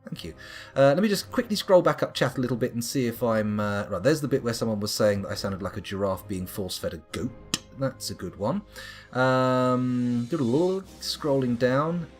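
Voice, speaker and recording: A man's voice: medium pitch, expressive, normal speed, darkish tone, faint music behind. A man live-streaming a game, chatting casually and reading viewers' comments aloud as he plays. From United Kingdom. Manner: chatty, reads chat aloud and muses to himself. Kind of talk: live-streamed gameplay chat.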